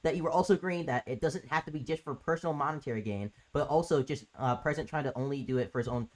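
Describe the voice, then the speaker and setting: A man hosting a livestream political debate, insistent and quick to interrupt. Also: a little high.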